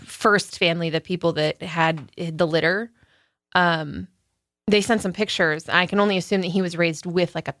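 A woman co-hosting a podcast in a studio, telling stories in a lively, animated way. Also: fairly low pitch, normal speed, dry recording. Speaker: podcast co-host. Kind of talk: casual chat.

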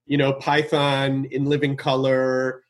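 A man's voice: mid-range voice, completely flat delivery. A man hosting a casual podcast conversation, speaking with enthusiasm and often restarting and repeating words. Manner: enthusiastic, halting, repeats words while searching for them. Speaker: podcast host.

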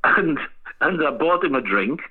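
A man with a husky voice, telling sweary, laughing anecdotes as a band frontman guest in a casual interview. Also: on the high side, animated, measured pace, slight background noise. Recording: tinny phone line.

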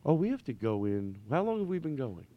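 A man's voice: medium pitch, sing-song, brisk, highs cut off. A man hosting a podcast in casual comedic chat, playful and rambling as he teases his guest. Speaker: podcast host.

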